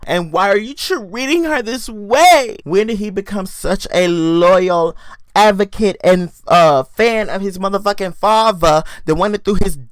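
A man giving a casual, profane, animated recap of a TV episode, acting out the scenes. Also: sits high, no echo. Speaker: TV recap commentator.

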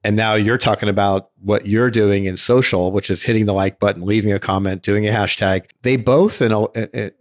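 Male host, lowish voice, measured and encouraging, dry close sound. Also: steady tone, no room sound. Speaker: podcast host. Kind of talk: casual interview talk.

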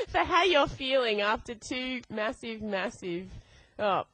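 A woman's voice: a little high, very animated, takes it slowly, fairly bright tone, no room sound, low-quality recording. A woman radio host in a casual interview, chatty and enthusiastic, laughing often.

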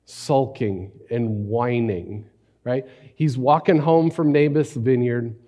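A man preaching a sermon, telling the story conversationally with animated rhetorical asides. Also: mid-range voice, takes it slowly, in a large hall. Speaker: pastor.

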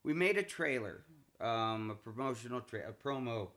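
A man, a comedian and show creator, chatting casually on a podcast, stumbling through restarts and repeated words, his pitch leaping up when he gets excited. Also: normal speed.

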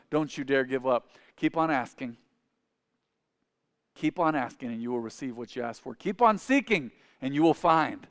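A pastor preaching a sermon with emphatic, repeated lines. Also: male voice, medium pitch, moderate pace, clear, resonant tone. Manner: preaching with rising, emphatic repetition.

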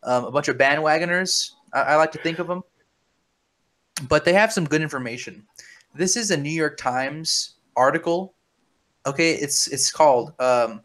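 A man's voice: fairly high pitch, normal speed, a bit bright. A man hosting a comedy podcast, speaking with mock seriousness, conspiratorial and stumbling over repeated words. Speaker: podcast host. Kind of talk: comedic deadpan chat.

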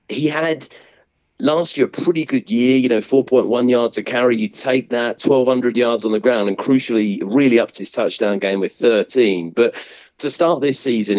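A man co-hosting a casual sports podcast, analysing the game in a measured, steady way. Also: medium pitch, muffled recording. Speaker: podcast co-host.

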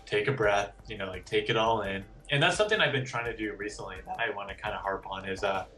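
Candid, rambling male guest with a lowish voice. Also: fast talker, bright, forceful tone, recorded from a distance, faint music behind. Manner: candid and rambling, heavy with "like" fillers. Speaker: podcast guest, artist. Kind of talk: casual chat.

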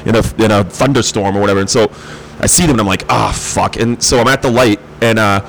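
A man's voice: fairly low pitch, fairly even intonation, fast talker, rough recording. Laid-back storytelling man, swearing freely. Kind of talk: casual storytelling chat. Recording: faint background noise.

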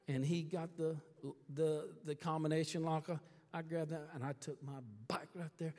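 A man preaching a sermon, telling a story with animated drama and checking in with the crowd with "all right?" and "okay?". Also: fairly high pitch. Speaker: pastor. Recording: long reverb of a big hall.

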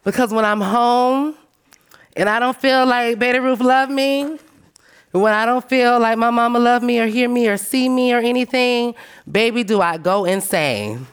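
A woman speaking on a panel, telling animated, emphatic stories in a frank, profane way and calling her listeners "baby". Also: fairly high pitch, moderate pace, clean tone. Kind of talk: panel discussion talk.

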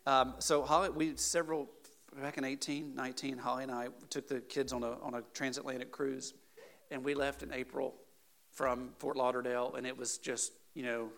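A man's voice: medium pitch, moderate pace, vocal fry. Chatty man preaching a sermon. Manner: chatty, peppers points with "right?" and "okay?"; animated storyteller, builds to emphatic peaks. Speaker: pastor. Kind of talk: conversational sermon.

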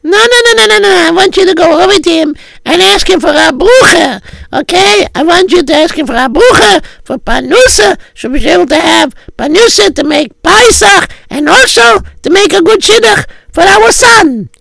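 Brief: pushy Hasidic wife with a Yiddish accent, very high falsetto and gravelly. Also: male voice, expressive, moderate pace, pushed and bright, dry recording, heavily acted, rough recording. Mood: insistent. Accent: Yiddish-inflected English. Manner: pushy, repeats herself. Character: insistent Hasidic wife, middle-aged.

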